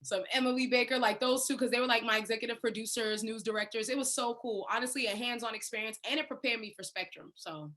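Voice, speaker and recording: A woman's voice: on the high side, quick pace, hardly any pauses. A woman in her thirties telling stories with playful, laughing energy on a video call panel. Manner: animated, laughing, playful storytelling. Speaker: panel speaker. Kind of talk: casual online panel talk.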